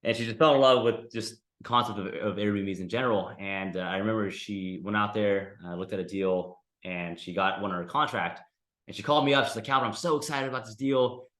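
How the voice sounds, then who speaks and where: A man's voice: sits low, a little fast, fairly bright tone, roomy sound. A man teaching a real estate investing class in a casual, conversational way, often tagging sentences with "right?". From United States.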